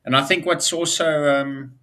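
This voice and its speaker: A man's voice: on the high side, steady tone, normal speed, pushed and bright. A man co-hosting a casual business chat show, upbeat and talking in loose run-on sentences with fillers. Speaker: co-host.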